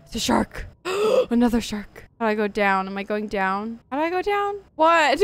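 A woman's voice: a little high, animated, normal speed, dry recording. A woman streamer giving nervous, jumpy let's-play commentary, swearing often and gasping at every scare. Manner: jumpy, nervous, swears a lot, frequent gasps. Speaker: gaming streamer.

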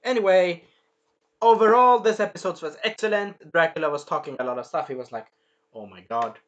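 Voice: mid-range voice, brisk, lo-fi sound. A reviewer giving a casual spoken episode review, rambling and swearing, with many fillers and restarts. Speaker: show reviewer.

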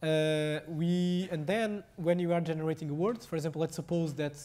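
A young adult man with a Portuguese accent giving a technical lecture, speaking haltingly with many fillers and restarts. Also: a little high, steady tone, dark tone.

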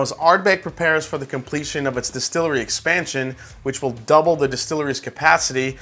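Bright-voiced New man reviewing whiskey. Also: a little high. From New York. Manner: chatty, many fillers like "like" and "uh"; excitable tasting reactions. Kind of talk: casual tasting review.

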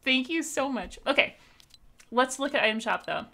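A young woman from Canada talks to her live-stream viewers over gameplay, bubbly and quick to laugh. Her voice sits a touch high and rings very bright. She chats casually, as if in a home streaming setup. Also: expressive, creaky. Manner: bubbly and chatty, thanks viewers, laughs often.

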